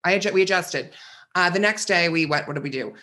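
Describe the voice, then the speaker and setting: A man's voice: high voice, quick pace, sharp tone. A man co-hosting a podcast in casual chat, campy, witty and opinionated. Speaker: podcast co-host.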